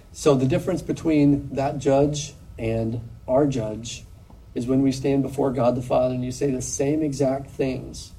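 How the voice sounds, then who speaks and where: A man preaching a sermon in an earnest, measured way, with pauses. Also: medium pitch, fairly even intonation, mellow, slightly rough, distant mic, rough recording. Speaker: pastor.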